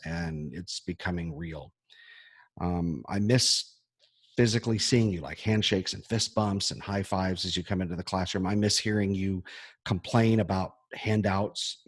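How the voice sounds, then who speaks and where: A middle-aged man with a low, husky voice speaks to his students as their teacher. He talks earnestly and with feeling, halting and filling pauses with ums. The sound is dry and close. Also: no echo. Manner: earnest, emotional, halting with fillers. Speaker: history teacher. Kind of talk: heartfelt scripted-free address to students.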